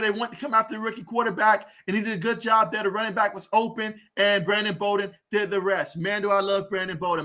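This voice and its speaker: A man hosting a live sports watch-along, giving play-by-play, reacting loudly to plays and reading viewer comments aloud. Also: sits high. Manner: excitable fan, shouts and groans at plays. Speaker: livestream sports host.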